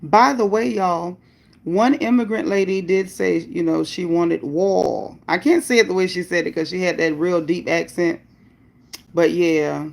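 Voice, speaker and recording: A woman hosts a livestream, reading out viewer comments and speaking bluntly about her opinions and the chat rules. Her voice is lowish and gravelly with a measured pace, and she greets viewers by name between upbeat bursts.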